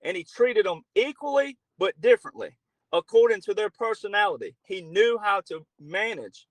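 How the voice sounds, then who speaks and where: A middle-aged man speaks as a podcast guest in a fairly high voice. He is blunt and emphatic and swears freely. His voice is recorded close on a dry mic with no room sound. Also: expressive, normal speed, no room sound, low-quality recording. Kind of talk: political talk show conversation.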